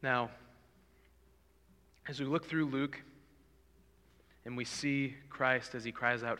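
A man preaching a sermon in an earnest, pleading way, at times swelling loud for emphasis. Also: mid-range voice, fairly even intonation, slow pace, pauses often. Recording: long hall reverb.

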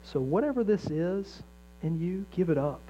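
A man's voice: sits high, animated, normal speed, warm tone. A middle-aged man preaching a sermon as a pastor, earnest and conversational, mixing jokes and acted-out inner voices. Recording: dull lo-fi sound with faint mains hum.

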